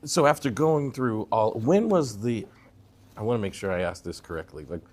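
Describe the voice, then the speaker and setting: A man's voice: lowish voice, lively intonation, moderate pace, darkish tone, slight background noise. A middle-aged man hosting an interview, asking thoughtful questions and speaking admiringly of his guest. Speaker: interview host, psychotherapist. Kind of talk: conversational interview.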